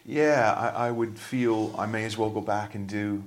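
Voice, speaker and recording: A man's voice: on the low side, steady tone, normal speed. A man, a musician, telling rambling anecdotes in casual chat, with plenty of ums. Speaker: musician guest.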